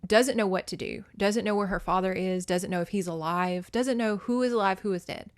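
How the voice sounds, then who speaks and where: Woman, podcast host, casual book recap, cusses freely, emotionally invested, mid pitch. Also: brisk. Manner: profane, emotionally invested storytelling.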